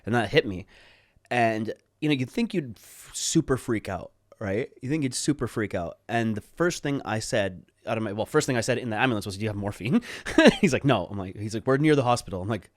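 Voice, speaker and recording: A man guest telling a story in a relaxed way. He swears freely and acts out quotes. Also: fairly low pitch, a little fast, no echo, studio quality. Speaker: podcast guest. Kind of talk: casual storytelling.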